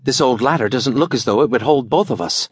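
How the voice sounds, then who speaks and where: A man's voice: medium pitch, a little fast, breathy edge, no room sound, voice pushed up, lightly acted. A man voicing an earnest, loyal young hero in an audiobook, plain and direct.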